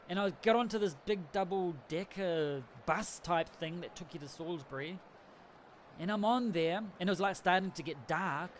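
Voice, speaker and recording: A man's voice: sits high, moderate pace, a little hiss or hum. A man from New Zealand hosting a casual livestream, telling a rambling travel story with frequent laughs. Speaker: livestream host. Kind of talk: casual chat.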